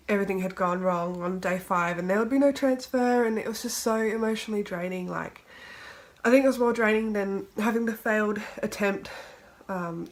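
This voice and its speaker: A young woman with an Australian accent and a stuffy nose from a cold, chatting casually to camera in a vlog update, full of ums and fillers. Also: mid-range voice. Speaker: vlogger.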